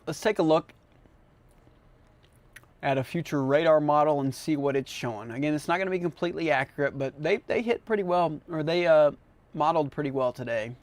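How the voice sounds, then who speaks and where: Man, radio weather host, somewhat higher pitch, casual chatty delivery, live storm coverage. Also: a little fast, no echo. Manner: casual, chatty, talks with mouth full. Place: radio studio.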